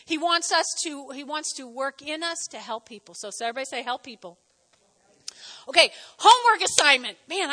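Woman pastor, middle-aged, New Jersey accent, animated sermon delivery, high bright voice, reverberant church hall. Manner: lively, animated preaching with audience call-and-response.

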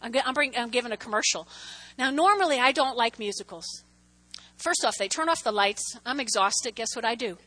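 A middle-aged woman telling personal stories in a church talk, animated, with restarts and asides. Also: a little high, brisk. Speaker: church speaker.

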